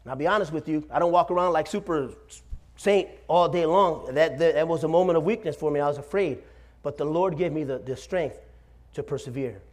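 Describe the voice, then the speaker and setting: A man in his forties, a pastor, preaches a sermon in a church sanctuary, telling stories with humor and calling out "Amen?" to his congregation. His voice sits on the high side, fairly quick, with a darkish tone.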